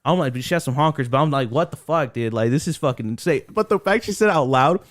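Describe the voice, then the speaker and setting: A young man crudely telling a high school story in casual podcast chat. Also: animated, quick pace, no echo, clean studio sound. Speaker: podcast co-host.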